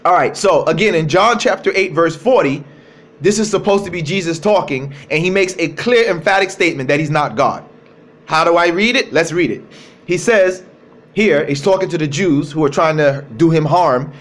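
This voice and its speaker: A man giving a livestreamed religious talk into his cell phone, emphatic, repeating key phrases and slowing down to stress words. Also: fairly high pitch. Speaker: religious speaker.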